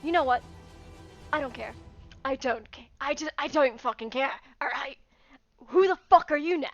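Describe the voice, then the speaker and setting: A man's voice: very high voice, moderate pace, fairly bright tone, soft background music. A woman voicing a short, jealous male gnome who rants, swears and bickers in a tabletop game. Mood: angry.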